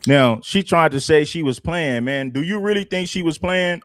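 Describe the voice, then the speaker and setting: Emphatic high-voiced man doing stream commentary. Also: expressive, normal speed, hardly any pauses, no echo, clean studio sound. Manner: emphatic, mocking, fires rhetorical questions at the audience. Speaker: livestream commentator. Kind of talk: reaction livestream commentary.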